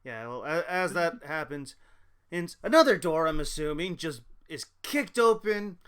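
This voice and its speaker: A man playing a tabletop game, describing his character's actions in an animated way. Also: fairly high pitch, unhurried, clean tone. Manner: animated, laughing storyteller. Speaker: player.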